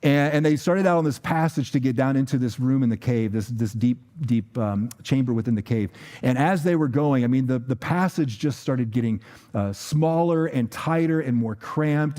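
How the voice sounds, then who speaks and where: A man's voice: medium pitch, moderate pace, warm tone. A man preaching a sermon as a pastor, telling a story in a loose, conversational way with fillers and repeated words. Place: church.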